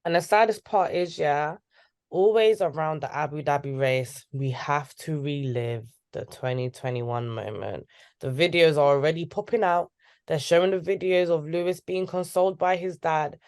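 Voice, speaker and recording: A woman's voice: sits low, normal speed, darkish tone. A woman co-hosting a podcast in casual chat. She makes wry, dramatic asides. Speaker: podcast co-host.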